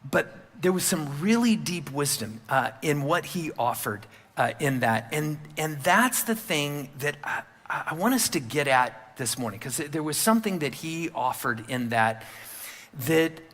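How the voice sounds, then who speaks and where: A man preaches from the pulpit in a bright, forceful voice pitched a little high. He talks candidly and conversationally, with many fillers. His words trail off into a long reverb that fills the church sanctuary. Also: animated, a little slow. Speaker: pastor. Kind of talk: sermon.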